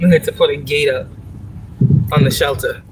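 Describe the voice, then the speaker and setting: A woman's voice: low-pitched, steady tone, normal speed, slight background noise, rough recording. A woman chatting casually on a live stream while driving, profane and rambling, laughing often. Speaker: spiritual vlogger. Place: in a car, driving. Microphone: phone.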